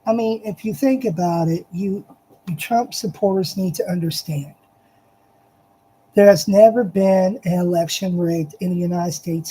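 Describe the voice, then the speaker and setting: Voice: mid-range voice, dark tone, slightly rough, rough recording. A speaker giving an impassioned, repetitive monologue, addressing listeners directly and hammering each point with emphasis. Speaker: political commentator.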